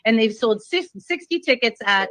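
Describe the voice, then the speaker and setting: A woman's voice: fairly high pitch, lively intonation, normal speed, fairly bright tone, dry recording, low-quality recording. A woman telling a long story in a rambling, casual way, with many ums and restarts. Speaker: guest.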